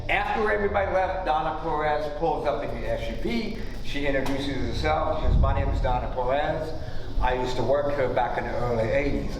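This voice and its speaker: A man guiding a tour, telling a story in a blunt, profane way, recorded in a big empty building. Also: medium pitch. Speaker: tour guide. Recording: echoey hall, far from mic, dull with noise.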